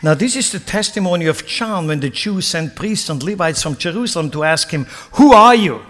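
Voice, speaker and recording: This male pastor's sermon is dramatic, with him voicing the figures in the scripture himself. He speaks fairly quickly at a fairly high pitch, a bit bright, and the church hall's long reverb fills the recording.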